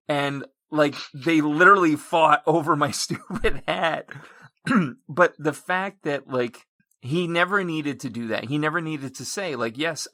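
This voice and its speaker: A man's voice: medium pitch, bright, forceful tone, no echo, studio quality. A man hosting a podcast, chatting casually with a guest and drifting into rambling stories. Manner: rambling, self-correcting storyteller. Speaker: podcast host. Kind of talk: casual interview chat.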